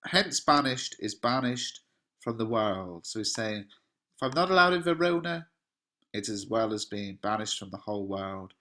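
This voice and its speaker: A man's voice: fairly low pitch, expressive, normal speed, pushed and bright. A male English teacher talking through a play in a revision lesson, paraphrasing in a casual, conversational way with fillers.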